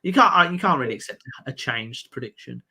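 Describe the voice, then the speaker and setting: Bright-voiced Birmingham man chatting football. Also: medium pitch, expressive, brisk, gravelly. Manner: chatty, reacts loudly to the match. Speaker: stream host. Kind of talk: casual football watch-along chat.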